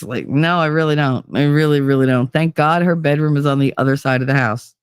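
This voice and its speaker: A woman's voice: deep voice, fairly quick, clean tone, dry recording, clean studio sound. A woman in her fifties hosting a casual livestream chat, blunt and swearing freely, greeting viewers with pet names. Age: 50s. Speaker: livestream host. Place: home.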